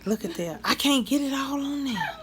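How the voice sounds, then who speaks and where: A woman, chatting loudly with her viewers in a casual home cooking vlog, laughing and cursing freely. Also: high voice, expressive, normal speed. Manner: loud, laughing, swears freely, talks to viewers. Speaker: mukbang vlogger. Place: home kitchen.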